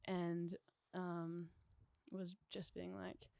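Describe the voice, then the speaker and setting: A young woman with a New Zealand accent, chatting excitedly as a podcast guest, laughing often and saying "like" a lot. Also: on the low side, extremely slow, vocal fry, dry recording. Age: young adult. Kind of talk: casual chat.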